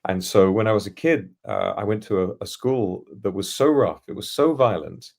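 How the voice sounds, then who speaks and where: Deep gravelly man with a posh English accent. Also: animated, normal speed, darkish tone. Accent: standard English, trained by acting lessons. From England, East London. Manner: articulate, reflective, anecdotal, laughs now and then. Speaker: podcast guest, futurist. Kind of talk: casual storytelling in an interview.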